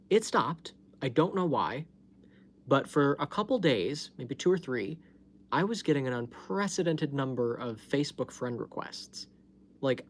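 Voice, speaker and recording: Recorded at home on a phone, this livestream host tells a story in casual chat, laughing a lot and swearing without restraint. He has a medium-pitched voice, with slight background noise.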